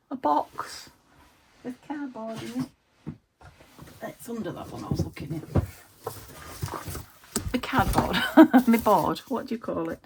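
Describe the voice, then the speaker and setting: British woman vlogger, casual self-talk at a craft desk, creaky, noisy recording. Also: fairly high pitch, expressive, a little slow, pauses often. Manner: chatty, thinks aloud, self-talking with little laughs. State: recovering from a fever. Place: home craft desk, window open. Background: traffic through an open window.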